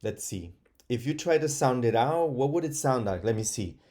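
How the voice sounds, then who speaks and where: A man's voice: mid-range voice, lively intonation, warm tone. A man teaching first graders in an online phonics lesson, patiently sounding out words and asking them to repeat after him, with frequent hesitant fillers. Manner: slow, patient, models sounding out words aloud.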